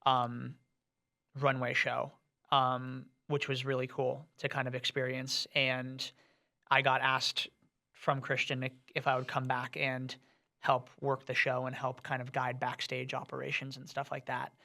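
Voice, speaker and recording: A man's voice: mid-range voice, monotone, a little slow, creaky, pushed and bright. A man in his twenties from Vermont, chatting casually in an interview and rambling with lots of "like" fillers. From Vermont, US East Coast. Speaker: student outreach producer.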